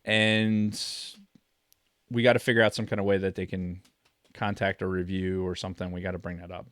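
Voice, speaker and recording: A man with a fairly low voice that sounds tired and strained, co-hosting a casual podcast. He talks in an easygoing way with plenty of curses. The sound is dry and close on a podcast mic. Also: level tone, fairly quick, a bit bright, no echo. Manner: laid-back, swears freely. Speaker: podcast co-host.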